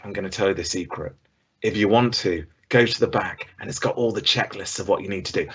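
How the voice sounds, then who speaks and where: A middle-aged man giving an online business presentation over a video call, conversational and lively, acting out the voices he quotes. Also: medium pitch, breathy edge, highs cut off.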